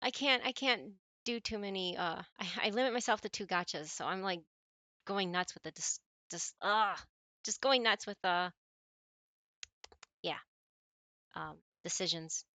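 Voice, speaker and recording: A woman's voice: medium pitch, unhurried, pauses often, pushed and bright, no room sound. An American woman streaming games, chatting casually with viewers and rambling with frequent restarts and self-corrections. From United States. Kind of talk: casual gaming stream chat.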